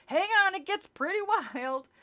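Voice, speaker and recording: A woman voicing a reckless adult male camp counselor in a storybook reading, calling out loudly and excitedly. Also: extremely high pitch, normal speed, pitched above the performer's own voice. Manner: loud excited shouting.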